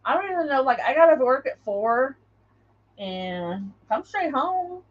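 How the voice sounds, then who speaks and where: Chatty high-voiced woman crafting live. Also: big pitch swings, unhurried, dull audio. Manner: rambling, chatty, greets viewers by name. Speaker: craft livestream host. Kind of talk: casual live chat while crafting.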